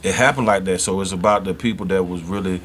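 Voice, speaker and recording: A man with a Southern accent, a podcast co-host reminiscing in a relaxed, drawling way. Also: low-pitched, quick pace, a little hiss or hum. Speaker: co-host, veteran rapper. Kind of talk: casual podcast conversation.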